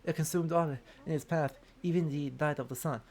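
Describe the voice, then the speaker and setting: A man voicing a vain, flamboyant male swordsman prophet in a deliberately awful fake French accent, reading with mock grandeur. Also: a little high, steady tone, a little mellow, close to an everyday voice. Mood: haughty. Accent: exaggerated fake French. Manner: theatrical, mock-grand reading of game lines.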